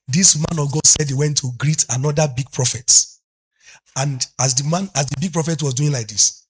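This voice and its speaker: A man's voice: a little high, fairly bright tone, slightly rough. A middle-aged Nigerian man preaching a fervent sermon as a pastor, moving between English and Yoruba.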